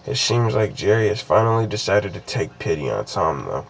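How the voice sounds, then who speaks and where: A man's voice: low voice, big pitch swings, normal speed, gravelly, slight background noise, rough recording. A young man casually reading a creepypasta aloud, stopping often to ramble and restart his sentences with lots of fillers. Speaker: creepypasta reader.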